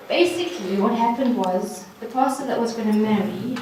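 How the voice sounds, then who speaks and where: A woman's voice: a little high, moderate pace, warm tone, slight background noise. A woman giving an earnest, encouraging personal testimony to a ladies' gathering, speaking straight to the audience. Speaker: guest speaker. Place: hall at a ladies' social evening. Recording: echoey room from far off.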